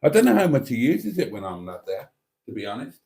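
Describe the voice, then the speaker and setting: A man's voice: medium pitch, very animated, fairly quick, mellow. A man hosts a casual livestream, chatting and rambling with many ums and restarts as he reads out viewer comments. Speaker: YouTube channel host.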